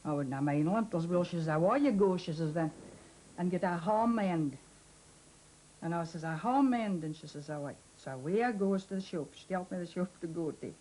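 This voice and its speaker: A woman's voice: on the low side, moderate pace, a little hiss or hum, low-quality recording. A woman from Moray, telling a funny anecdote and acting out both sides of the conversation. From Moray, Scotland. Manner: lively storyteller, acts out both sides of the conversation. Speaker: interviewee.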